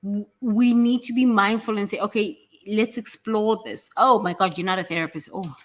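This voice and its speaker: A woman's voice: medium pitch, moderate pace. A woman teaching in a casual, motivational way, talking bluntly and animatedly, swearing freely and acting out what other people say.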